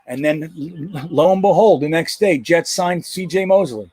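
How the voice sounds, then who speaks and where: Dude hosting a live stream, rambling and swearing a lot, kinda high voice, dry close sound. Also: male voice, moderate pace, a little mellow, no echo. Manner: rambling, profane, jokey. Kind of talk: casual live-stream chat about football.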